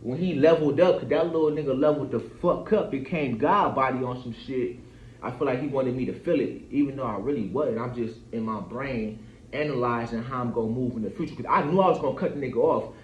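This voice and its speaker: A vlogger in his thirties vents in a loose, rambling monologue, talking fast in a mid-range voice and cursing freely. He keeps asking his listener "you feel me." The recording is lo-fi and dull, with a slight hiss or hum and an echoey room sound.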